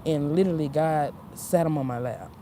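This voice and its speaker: A woman's voice: sits low, fairly quick, background noise. A woman giving a rambling, preachy faith vlog monologue. She talks straight to her viewers, calling them honey and y'all, restarting lines and laughing at herself. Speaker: vlogger.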